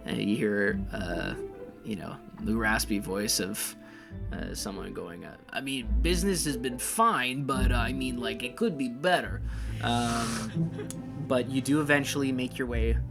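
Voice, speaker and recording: Woman game master, really deep gravelly voice, lots of ums, music playing. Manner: rambling, hesitant narration with many fillers. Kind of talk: narrating a tabletop game.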